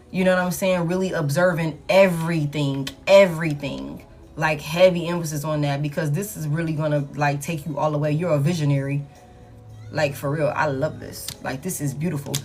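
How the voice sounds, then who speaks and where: A woman giving a casual tarot reading in a repetitive, emphatic, slangy pep-talk manner. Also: lowish voice. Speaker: tarot reader.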